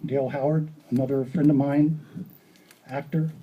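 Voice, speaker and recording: A man giving an art talk, telling stories in a rambling, animated way and acting out dialogue. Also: mid-range voice, normal speed, breathy edge, highs cut off. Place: gallery or hall.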